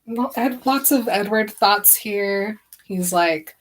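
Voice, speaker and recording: Woman podcast host retelling a book, animated, does the characters' lines in her own voice. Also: mid-range voice, slow pace. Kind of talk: casual book recap chat. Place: recording live before an audience.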